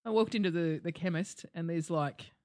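A middle-aged Australian woman co-hosting a podcast, chatting casually and telling stories with lots of swearing and some deadpan. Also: fairly low pitch, moderate pace, no echo, clean studio sound. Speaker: podcast co-host. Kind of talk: casual chat.

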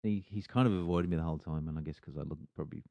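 A man's voice: extremely low pitch, racing, gravelly, mellow, dry recording. A middle-aged Australian man co-hosting a podcast, chatting bluntly with plenty of swearing. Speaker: podcast co-host. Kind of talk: casual chat.

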